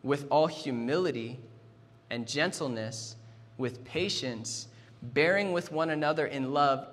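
Young male pastor, earnest sermon delivery, slightly high voice, reverberant hall. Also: a bit bright. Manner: earnest, repeats words when starting sentences.

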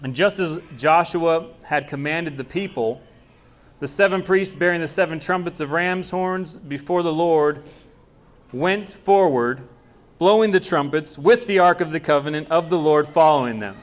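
Young male pastor, conversational sermon delivery with acted dialogue, slightly high-pitched. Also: moderate pace.

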